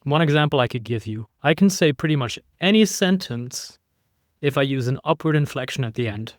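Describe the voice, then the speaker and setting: A man talking as a podcast guest in a relaxed, conversational way, acting out his points by shifting his voice up and down. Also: medium pitch, brisk, no echo, studio quality. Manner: animated, demonstrates inflection by playing with his voice. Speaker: podcast guest, keynote speaker.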